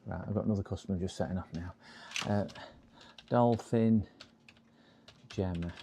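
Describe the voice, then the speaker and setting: A man's voice: deep voice, normal speed, warm tone, slight background noise. A man chatting casually on a live repair stream, rambling and laughing at his own puns.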